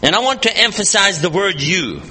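A man's voice: sits high, big pitch swings, normal speed, sharp tone, breathy edge, long reverb tail. A man preaching a sermon at an evening church service, earnest and emphatic, repeating and rephrasing his points as he reads scripture aloud.

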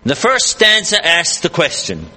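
A man's voice: on the high side, wildly swooping pitch, a little slow, bright, forceful tone, in a large hall. A man preaching a sermon at an evening church service, earnest and emphatic, repeating and rephrasing his points as he reads scripture aloud.

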